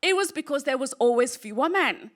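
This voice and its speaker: A woman from Kenya performing a stand-up comedy set on a club stage, with punchy deadpan delivery and pauses for laughs. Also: high-pitched.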